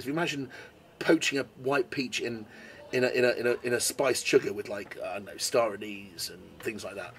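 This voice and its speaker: A man's voice: medium pitch, a little hiss or hum. A British man presenting a casual wine tasting on camera, chatty and enthusiastic as he tastes and comments. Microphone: camera mic.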